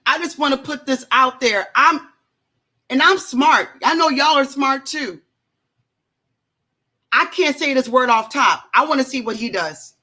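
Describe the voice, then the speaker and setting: A woman hosting a casual reaction show from home, talking in an animated, chatty way with many asides to her viewers. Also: sits high, measured pace, long pauses. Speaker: show host.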